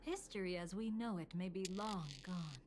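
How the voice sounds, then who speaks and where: An actress voicing a calm, mysterious woman guide in a video game, speaking in a hushed manner. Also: fairly low pitch, normal speed, slight background noise, lightly acted.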